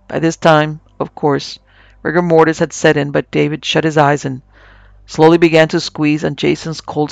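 A man narrating a scripted horror story in a slow, measured way as podcast host. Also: fairly high pitch, vocal fry, no echo.

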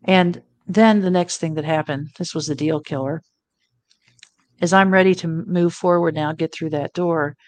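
A woman's voice: deep voice, normal speed. A middle-aged woman telling a personal story as an interview guest, earnest and reflective. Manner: earnest, reflective, quotes her own thoughts.

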